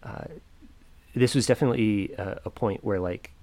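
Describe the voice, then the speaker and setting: A young man telling a personal story in a reflective, halting way, with many pauses and fillers. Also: lowish voice, dark tone, dry recording. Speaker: podcaster.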